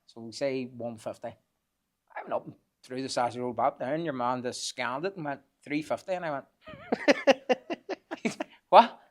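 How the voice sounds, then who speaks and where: A man, telling animated anecdotes as a podcast guest and swearing freely. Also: medium pitch, a little fast. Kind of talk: casual storytelling chat.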